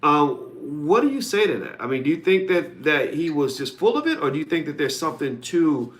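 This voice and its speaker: A man's voice: a little high, sing-song, a little fast. A man hosting a live podcast, talking conversationally and reading out viewer comments. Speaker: podcast host.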